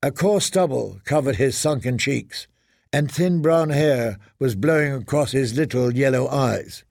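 A man narrating a fantasy audiobook in a steady, measured way. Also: mid-range voice, vocal fry, no echo, clean studio sound.

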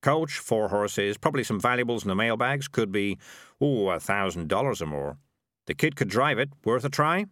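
A man's voice: on the low side, lively intonation, normal speed, a bit bright, no echo. A man voicing a cheerful, scheming male talking cat with a wheedling, persuasive manner, in a dry close recording.

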